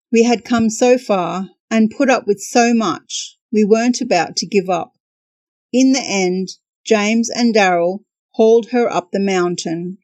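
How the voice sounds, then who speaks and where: A woman narrates a travel story at an unhurried, deliberate pace, with dry, wry humor running under her words. Her voice sits close to the mic with no room sound at all. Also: medium pitch, a little mellow, no room sound. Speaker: podcast host and storyteller.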